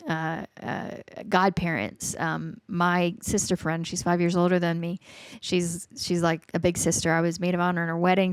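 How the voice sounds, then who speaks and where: Woman in her 40s, lowish voice, earnest faith story, slips into soft whispers, dry close mic. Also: dry recording. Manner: earnest, emotional, often drops to a near whisper. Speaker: podcast host. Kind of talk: personal faith testimony.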